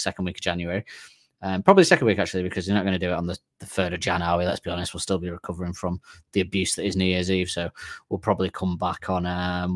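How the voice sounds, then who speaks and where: Guy hosting a podcast, kinda low voice, rambles n corrects himself, dry close mic. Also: no room sound. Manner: rambling, self-correcting, laughs at his own jokes. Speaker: podcast co-host. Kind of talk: casual podcast chat.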